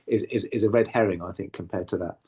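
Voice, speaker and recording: A man's voice: lowish voice, fairly even intonation, fast talker, dark tone, husky. A man co-hosting a podcast, ranting and swearing in casual chat, often stumbling and repeating words. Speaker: podcast co-host.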